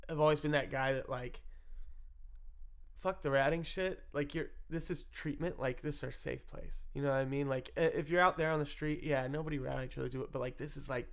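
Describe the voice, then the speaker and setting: A man's voice: medium pitch, creaky. A man telling a story about his own life in a casual, rambling way, swearing freely and laughing often between phrases. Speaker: storyteller recounting his addiction. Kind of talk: casual first-person storytelling.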